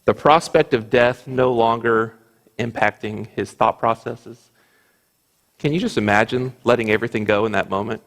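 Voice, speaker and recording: An earnest man teaches a Bible class in a church, often restarting his sentences as he quotes scripture. His voice is gravelly, with a middle pitch, and it rings with the long reverb of the hall. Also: normal speed, fairly bright tone.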